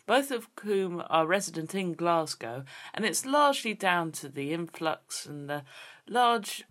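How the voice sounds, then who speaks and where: A woman co-hosting a comedy podcast, teasing her partner in a dry, deadpan way. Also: on the low side, measured pace. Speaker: podcast co-host. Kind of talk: casual comedic chat.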